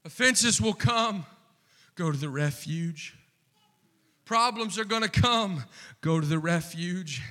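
A man preaching a sermon, slow and impassioned, building to fervent repeated refrains. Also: sits high, animated. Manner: impassioned, rising to near-shouting with repeated refrains.

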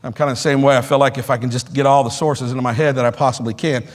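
A middle-aged male pastor preaching a sermon in a church, rising from quiet talk to shouted exhortation with call-and-response. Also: mid-range voice, steady tone, racing, in a large hall. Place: church sanctuary.

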